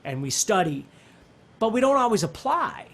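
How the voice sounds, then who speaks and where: A middle-aged man explains guitar ideas in an easygoing, conversational teaching manner. His voice sits fairly high for a man, and he often restarts his sentences as he works through a thought. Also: moderate pace, vocal fry. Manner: animated, talks with his hands, thinks aloud with restarts. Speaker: guitar instructor.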